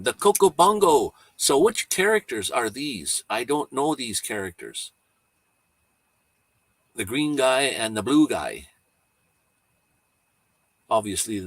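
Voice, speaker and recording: A man's voice: fairly low pitch, a bit bright, dry recording. A man hosting a casual livestream, rambling easygoing chat while showing photos, chuckling now and then. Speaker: livestream host.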